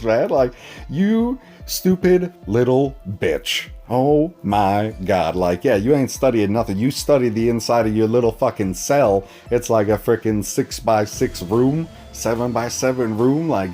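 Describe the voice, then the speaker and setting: A man with a lowish voice rattles through a recap of a TV episode, swearing freely and sounding sarcastic. He slips into quick impressions of the characters as he goes. Faint music plays underneath him. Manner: animated, sarcastic, swears a lot, acts out characters' lines. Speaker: TV episode reviewer. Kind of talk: casual profane recap.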